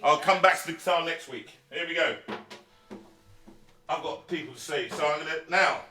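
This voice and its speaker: A man's voice: on the high side, moderate pace. A man hosting a live music stream, bantering casually and reciting and singing a comic country song over his guitar. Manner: relaxed, jokey banter between songs. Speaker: singer and host of a live home stream. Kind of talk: chatty live performance with sung and recited song.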